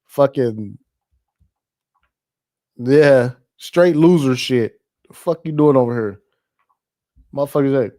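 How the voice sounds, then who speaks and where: A man's voice: mid-range voice, slow pace, pauses often, dark tone. A man hosting casual, profane political commentary, laughing often and reacting loosely to ads and clips on his screen.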